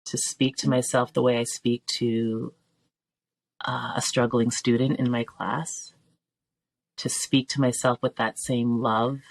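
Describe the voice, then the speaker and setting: Woman in her 40s, gravelly fry in her voice, heartfelt and searching, dry close sound. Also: rumbling low, no echo. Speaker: guest teacher and filmmaker. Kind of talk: reflective podcast interview.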